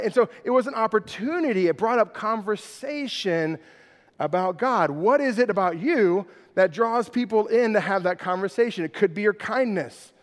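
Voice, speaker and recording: A man's voice: high-pitched, big-room sound. A middle-aged man, preaching a conversational sermon in a church and often checking in with "right?". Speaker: pastor. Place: church hall.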